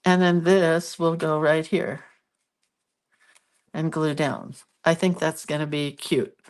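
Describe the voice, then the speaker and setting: Sniffling and stuffed up, a craft video host talks her way through a relaxed demo, poking fun at herself while she works. She has a low voice, fairly even intonation, and a slow pace.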